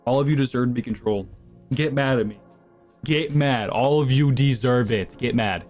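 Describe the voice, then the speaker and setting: A man's voice: mid-range voice, moderate pace, a little mellow, soft background music. A young man live streaming, answering chat with crude, provocative, slang-heavy banter.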